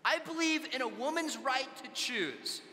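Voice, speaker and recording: Man from southern california telling stories to teens, acts out the back and forth, real bright edge, big reverby hall. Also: very high-pitched, expressive, unhurried. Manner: conversational, acts out dialogue in anecdotes. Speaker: conference speaker. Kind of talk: storytelling talk to a youth audience. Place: large conference hall.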